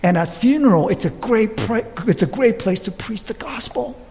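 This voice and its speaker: A man preaching, retelling a story with lively restarts and acted quotes. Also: sits high, moderate pace, big-room sound. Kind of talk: sermon storytelling.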